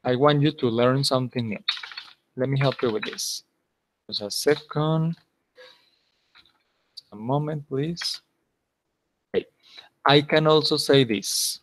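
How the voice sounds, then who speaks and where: A man's voice: mid-range voice, slow, pauses often. A man teaching an English class, explaining patiently step by step and checking in with his students often. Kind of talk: online class instruction.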